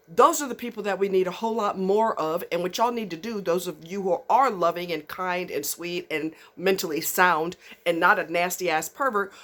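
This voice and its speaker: A woman's voice: medium pitch, a bit bright. Woman, angry, blunt, swearing, ranting to camera. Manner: fired up, blunt, swearing heavily. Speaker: vlogger. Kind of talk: angry profane rant to camera.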